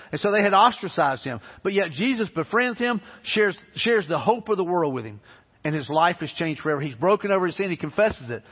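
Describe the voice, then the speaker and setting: Earnest preacher in a hall. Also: male voice, sits high, lively intonation, fairly quick, breathy edge. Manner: earnest, conversational preaching with repeated restarts. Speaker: pastor. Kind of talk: sermon. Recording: lo-fi, long reverb of a large hall.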